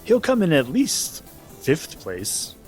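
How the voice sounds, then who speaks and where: A man's voice: fairly high pitch, huge pitch swings, slow, darkish tone, soft background music, voice pushed up, full character voice. A man voicing a rival girl who talks in a sugary, condescending way. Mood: smug.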